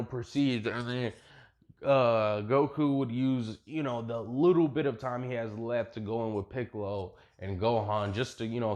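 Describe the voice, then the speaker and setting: Young dude rambling through a fan what-if story, swears a lot, super slangy. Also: male voice, medium pitch. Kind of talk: casual fan what-if retelling.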